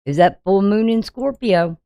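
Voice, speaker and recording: A woman's voice: medium pitch, measured pace, warm tone, no echo, studio quality. A woman astrologer giving a forecast in an emphatic, preachy way, firing off rhetorical questions at her viewers. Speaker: astrologer and tarot reader.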